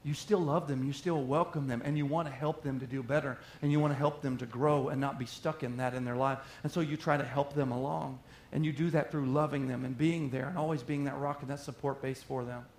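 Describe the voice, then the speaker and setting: Animated preacher man in an echoey room. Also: mid-range voice, brisk, hardly any pauses, a little hiss or hum. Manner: animated, acts out little quoted voices. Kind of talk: sermon. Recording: roomy echo.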